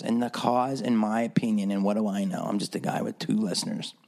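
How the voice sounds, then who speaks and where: Profane, animated male podcast ranter. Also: vocal fry. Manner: blunt and profane, acts out voices of others; animated, swings between low mutters and high mock voices. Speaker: podcast host. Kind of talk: opinionated solo podcast rant.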